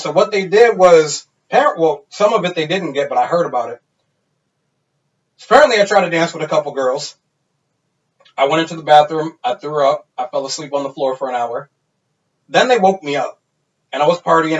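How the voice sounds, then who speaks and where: A man in his thirties, a podcast co-host, telling a wild party story in a casual, animated and profane way. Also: fairly high pitch. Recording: dull lo-fi sound.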